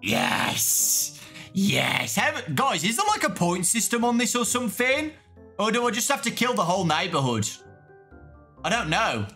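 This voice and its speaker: A man playing a video game, chatting excitedly to his viewers as he goes. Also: very high voice, normal speed. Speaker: gaming YouTuber. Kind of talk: let's-play commentary. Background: game music.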